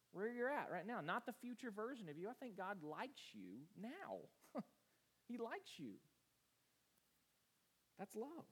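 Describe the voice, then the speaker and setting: Earnest man preaching a sermon. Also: a little high. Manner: earnest, rambling storytelling with restarts. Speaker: pastor.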